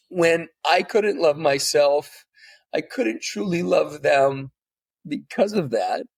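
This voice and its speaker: A man's voice: a little high, lively intonation, slow pace, gravelly, slightly rough. A man in his forties, a podcast guest, telling a candid personal story and swearing freely as he grows emotional. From United States.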